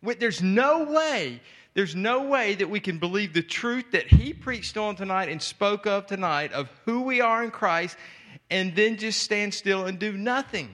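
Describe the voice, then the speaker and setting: Man, high voice, passionate sermon, emphatic repetition. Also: lively intonation, measured pace, a bit bright. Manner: impassioned preaching, repetitive emphatic phrasing. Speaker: speaker at church event. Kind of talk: sermon-style exhortation.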